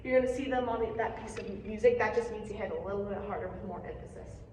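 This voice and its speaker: A young adult woman gives an encouraging, patient percussion lesson, explaining strokes one step at a time. She talks fast in a medium-pitched, darkish voice. The mic is far off in an echoey room, with slight background noise.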